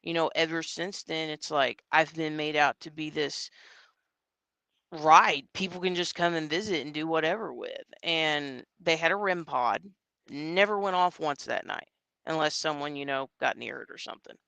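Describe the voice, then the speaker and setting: A man's voice: on the high side, moderate pace, gravelly, bright, forceful tone, clear, resonant tone, no room sound. A man, a psychic medium guest, telling a story in a casual, rambling way, with lots of fillers and quoted dialogue.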